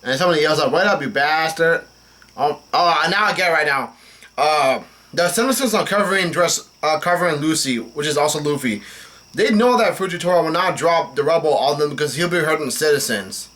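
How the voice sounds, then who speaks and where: A man with a Southern US accent reading a comic chapter aloud and reacting, halting and restarting as he goes. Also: on the high side, expressive, fairly bright tone. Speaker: manga reaction host.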